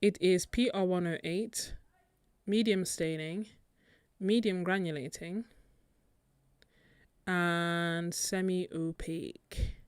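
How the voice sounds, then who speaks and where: Chatty British woman, low voice. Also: steady tone, takes it slowly, pauses often, clean tone, no room sound. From Britain. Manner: chatty, laughs often, thinks aloud. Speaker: art channel host. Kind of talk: casual live-stream chat while swatching paints.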